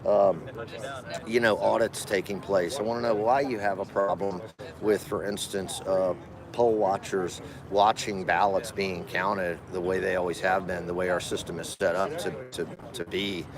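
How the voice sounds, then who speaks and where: A man's voice: deep voice, flat delivery, moderate pace. A man livestreaming from a protest, combatively calling out passersby and daring them to come and debate. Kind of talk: livestream commentary. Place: outdoors at a rally by a capitol building. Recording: outdoor rally crowd noise.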